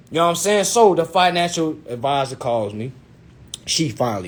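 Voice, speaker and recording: A young man telling a personal story to his viewers in an animated, profane way, repeatedly asking if they follow him. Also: on the high side, a little fast. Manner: animated, profane, addresses viewers as "y'all", keeps asking "you know what I'm saying".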